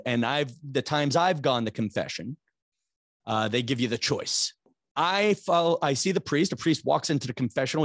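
A man's voice: mid-range voice, no echo, studio quality. A man, hosting a podcast and telling a rambling comic story, self-mocking and building to exasperated outbursts. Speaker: podcast host.

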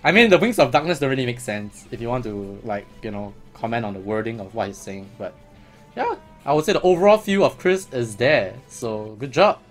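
A man's voice: mid-range voice, lively intonation, brisk, faint music behind. A man giving casual, chatty commentary as a gaming vlogger, laughing often.

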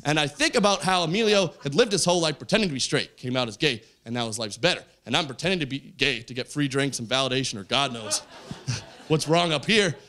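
A man doing a stand-up set on a club stage, telling a story with lively character voices. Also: mid-range voice, fast. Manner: animated storytelling, acts out characters. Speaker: stand-up comedian. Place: comedy club stage with audience.

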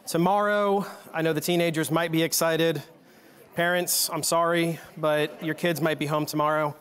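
Middle-aged guy preaching in church, kinda high voice, earnest, keeps repeating himself for emphasis. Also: steady tone, moderate pace, fairly bright tone. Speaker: guest preacher. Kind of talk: sermon with scripture reading. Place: church sanctuary.

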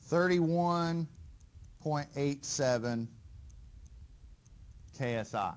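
A man's voice: fairly high pitch, drawn-out words, clear, resonant tone. A man giving a university engineering lecture in a conversational way, quizzing the class and often checking in with "right?" and "okay?". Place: lecture hall.

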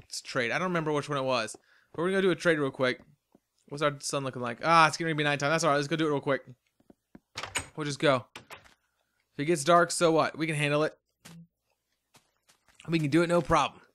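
Tired, chatty man with a bright voice. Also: fairly high pitch, a little hiss or hum. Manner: rambling, chatty, talks to himself while playing. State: tired and yawning. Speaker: let's play host. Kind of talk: casual gameplay commentary.

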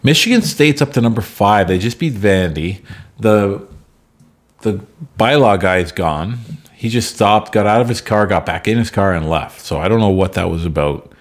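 A man with a deep, low-pitched voice talks through a sports management game at home. His delivery is loose and chatty, wandering into side stories between plays. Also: moderate pace. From Canada. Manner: chatty, rambling asides. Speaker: gameplay commentator. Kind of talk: casual gameplay commentary.

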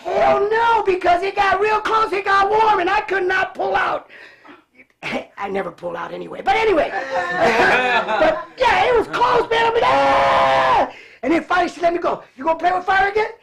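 A man from Cleveland who grew up in California, a guest telling animated stories with frequent laughter. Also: very high-pitched, unhurried, gravelly, shouting, over a noisy crowd, very noisy. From Cleveland, raised in California. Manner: animated, laughs often, acts out voices. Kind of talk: casual storytelling.

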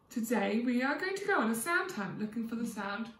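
A woman teacher giving a phonics lesson to young children, sounding out letters slowly and clearly in a sing-song way. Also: a little high, big pitch swings, far from the mic, background noise. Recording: echoey room, away from the mic.

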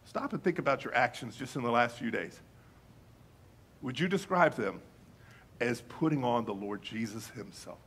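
Husky man preaching with loud-soft swings. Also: medium pitch, normal speed, pauses often. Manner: conversational, animated, swings from loud emphasis to quiet asides. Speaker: pastor. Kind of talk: sermon.

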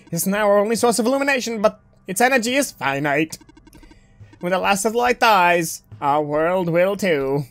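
A woman voicing a formal robot who speaks grandly and solemnly while explaining a dark world. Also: medium pitch, natural voice. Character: eager, formal robot who greets a savior.

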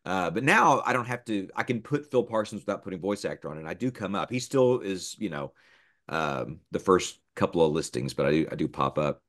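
A middle-aged male voice actor chats in a casual interview, his voice sitting a little low. He tells stories with energy, popping into quick character voices. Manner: animated storyteller, slips into character voices. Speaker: voice actor guest.

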